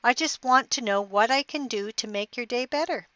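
A woman voicing a patient, gentle husband who speaks in a calm, earnest way in a story she tells on her podcast. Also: on the high side, moderate pace, dry recording. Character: patient, gentle husband, middle-aged man. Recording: dull lo-fi podcast audio.

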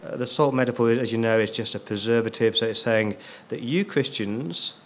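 A man's voice: mid-range voice, normal speed. A man preaching a sermon as a pastor, stressing key words and repeating them for emphasis.

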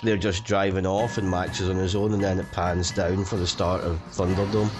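A man's voice: deep voice, little pitch movement, normal speed, noisy background. A man rambling casually in a film commentary chat and swearing along the way. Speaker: commentary co-host.

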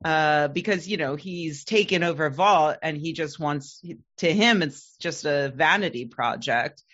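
A woman co-hosting a podcast in relaxed casual chat, laughing easily. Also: sits low, measured pace, dull audio. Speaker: podcast co-host.

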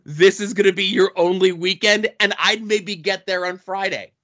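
A man's voice: high voice, fairly even intonation, normal speed, a bit bright, muffled recording. A man co-hosting a casual podcast, reading off convention guest lists with dry asides. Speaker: podcast co-host.

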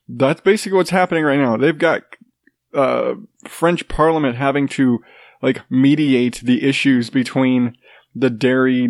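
A man's voice: mid-range voice, dry recording, studio quality. Stuffy-nosed man ranting casually. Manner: rambling, sarcastic, swears freely. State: congested, stuffy nose. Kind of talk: casual profane chat.

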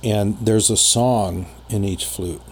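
A man telling a personal story in casual conversation as a podcast guest, rambling with many pauses and fillers. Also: on the low side, steady tone, breathy edge.

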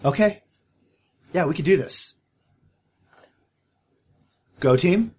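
A man's voice: on the high side, animated, slow, a little mellow, breathy edge. Man rambling through a game plan. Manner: rambling, self-correcting planner. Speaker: player. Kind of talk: tabletop game planning.

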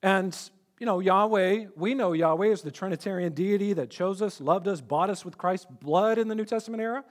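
Guy preaching a sermon, pretty high voice for a man, earnest, keeps restarting words. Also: fairly quick. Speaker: pastor.

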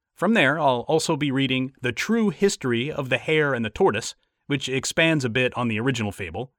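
A man's voice: on the high side, a bit bright, no room sound, studio quality. A man hosting a storytelling podcast, giving a conversational, lightly wry scripted introduction. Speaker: podcast host.

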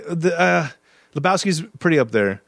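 Male podcast host, casual film chat, jokey and chuckling, a touch high-pitched. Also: expressive, normal speed, vocal fry, dry recording, clean studio sound. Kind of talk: casual movie discussion.

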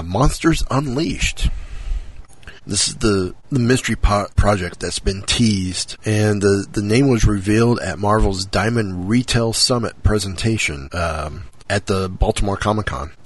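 Husky-voiced man hosting a podcast. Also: lowish voice, unhurried. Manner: rambling, many fillers and restarts. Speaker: podcast host. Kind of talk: casual podcast chat.

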